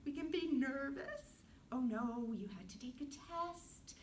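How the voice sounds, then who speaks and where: Gentle, slow-talking woman teaching kids yoga. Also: high-pitched, lively intonation. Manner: gentle, playful, sing-song, drops to a soft hush in relaxation. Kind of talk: guided kids yoga class. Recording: distant camera mic, faint room noise.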